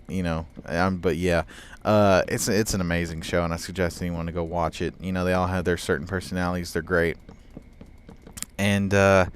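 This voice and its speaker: Young male gaming YouTuber, low smooth voice, loose rambling delivery with fillers. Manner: rambling, frequent fillers and laughs. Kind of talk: casual rambling commentary over gameplay.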